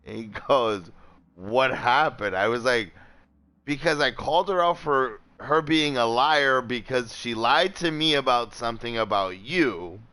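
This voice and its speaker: A man's voice: medium pitch, unhurried. A young man telling a long personal story in casual chat, swearing often, rambling, and acting out quoted people. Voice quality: profane, rambling. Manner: animated, voices quoted people. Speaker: gaming streamer.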